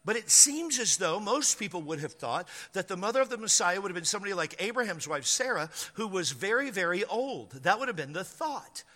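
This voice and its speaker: A male pastor preaching a storytelling sermon, animated and acting out scenes, in an echoey church hall. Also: high-pitched, a little fast, few pauses.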